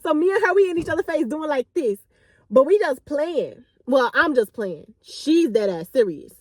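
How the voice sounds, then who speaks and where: A woman in her late twenties, a vlogger, telling a story in a chatty, animated, slangy way. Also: high-pitched, normal speed, no echo, clean studio sound. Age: late 20s. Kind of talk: casual storytime.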